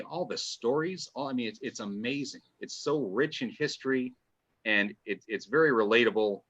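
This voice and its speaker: A fan writer appearing as a podcast guest chats enthusiastically, rambling and restarting his sentences. His voice is mid-range and sharp in tone, and the lo-fi audio sounds dull.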